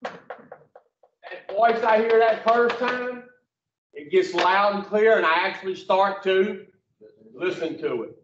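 Blunt, slow man preaching to a room. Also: sits high, fairly bright tone, a little hiss or hum. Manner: blunt and preachy, asks the room questions, swears. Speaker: speaker addressing rehab patients. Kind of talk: motivational talk to a group. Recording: echoey, distant, dull lo-fi sound.

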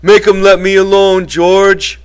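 A man reading an audiobook and voicing a huge, childlike, frightened ranch hand who pleads in a high, whimpering voice. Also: level tone, a little slow, clean tone. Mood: terrified pleading.

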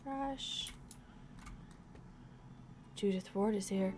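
A woman's voice: on the high side, unhurried, gravelly, pauses often, faint music behind. A young woman hosting a let's play, giving casual gameplay commentary in a chatty, encouraging way as she thinks aloud.

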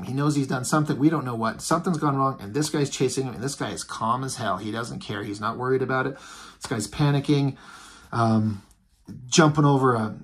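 A man casually reviewing a comic book, rambling along with lots of ums and restarts. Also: medium pitch. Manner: rambling, filler-heavy.

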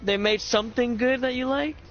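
Speaking at a moderate pace, a man with a very high, fairly bright voice records himself gaming. He keeps up easygoing chatter full of teasing and swearing, while faint music plays under the slightly dull, lo-fi audio.

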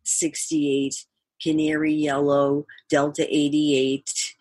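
Older woman guest, husky and dry-miked, animated raconteur. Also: deep voice, slow pace, no room sound. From Boston area, USA. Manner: animated storyteller, laughs often, acts out quotes. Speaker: guest musician. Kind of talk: storytelling interview.

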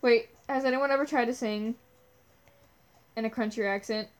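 A woman's voice: on the high side, fairly even intonation, normal speed. A woman joining a gaming stream as a guest, chatting casually, singing bits of songs and joking about accents. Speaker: guest player. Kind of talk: casual gameplay chat.

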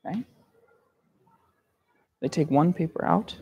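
Slow, patient man telling a story. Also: fairly high pitch, animated, slightly rough, highs cut off. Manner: slow, repeats and spells out words, checks with "okay?". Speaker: storyteller for young learners. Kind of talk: simple storytelling lesson.

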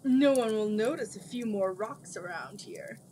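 A conceited wizard who speaks in haughty, showy tones, as a woman reading a storybook puts him on. His voice sits at an ordinary pitch, neither high nor low. A faint hum of background noise sits under the reading. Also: animated, measured pace, warm tone, close to an everyday voice, rough recording. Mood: smug. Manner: haughty, grandly theatrical, shrieking when crossed. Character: smug pompous male wizard, theatrical and vain.

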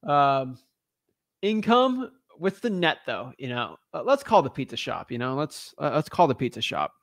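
A man with a rather high voice chats through a casual vlog, his delivery lively and bouncing up and down. He jokes around and talks to himself as he goes. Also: moderate pace, dry recording, studio quality. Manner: animated, joking, talks to himself. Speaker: real estate wholesaler.

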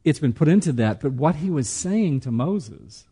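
A man teaching a church study class in a conversational way, with joking asides and slow, emphatic pauses. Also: on the high side, lively intonation, mellow, slightly rough.

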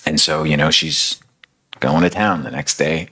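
A man's voice: rumbling low, measured pace, sharp tone, breathy edge, poor audio. A man giving a sermon as a casual, conversational retelling of a story. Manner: casual, filler-heavy retelling. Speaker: speaker.

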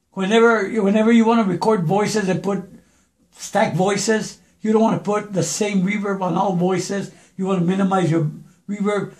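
A hoarse man giving a casual home-studio lesson on recording and mixing voices, talking chattily and calling the listener brother. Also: high-pitched, darkish tone, echoey room. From New Mexico. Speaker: music producer teaching vocal recording.

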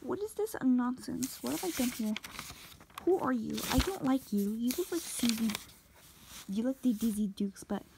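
A woman's voice: a little high, animated, normal speed, gravelly, noisy background. A young woman vlogger in casual commentary, exclaiming and dropping into whispered asides.

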